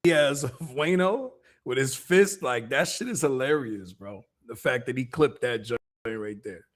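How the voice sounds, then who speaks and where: A man's voice: medium pitch, expressive, a little slow. A man hosting a stream, giving laid-back, amused streetwise commentary. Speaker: livestream host. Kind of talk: casual commentary chat.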